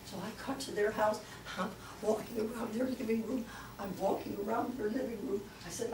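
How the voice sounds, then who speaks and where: An older woman shares a personal story with a club audience, bringing the people in it to life as she goes. Her voice sits a touch high. It carries through an echoey room from a mic some way off, with faint room noise underneath. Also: fairly quick, far from the mic. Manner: lively storyteller, acts out quoted voices. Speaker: guest speaker.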